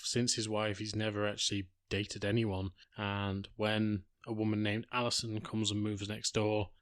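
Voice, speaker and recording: Male podcast host, low and even, dry mic, casual blunt retelling. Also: clean tone, dry recording. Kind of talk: TV recap podcast.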